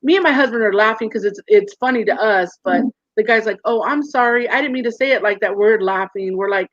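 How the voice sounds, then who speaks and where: Animated woman guest on a muffled call. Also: mid-range voice, fast talker, hardly any pauses, dry recording. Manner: animated storyteller, acts out quoted voices. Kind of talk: casual interview conversation. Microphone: video call. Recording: muffled dry call audio.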